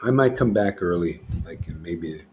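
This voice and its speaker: A man's voice: low-pitched, animated, measured pace, a little hiss or hum. A man hosting a casual spiritual discussion, rambling and often saying "see" and "you know.". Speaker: host.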